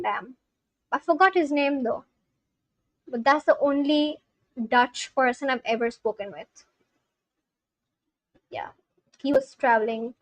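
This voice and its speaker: A woman chats casually on a live stream, reading out viewer comments and firing questions back. Her voice sits high and her pace is unhurried. The sound is close and dry. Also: no echo, low-quality recording. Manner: chatty, reads viewer comments aloud and asks them questions. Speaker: live-streamer learning a language.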